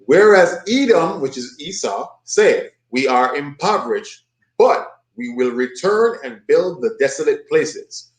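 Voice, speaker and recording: A man leads a bible study and talks over a video in a forceful, preaching way. His voice sits fairly high and jumps up when he mocks what he has heard. The recording rings with the echo of a room. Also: animated, a little slow. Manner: emphatic, mocking, repeats points with rising pitch. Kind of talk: preaching commentary on a played video.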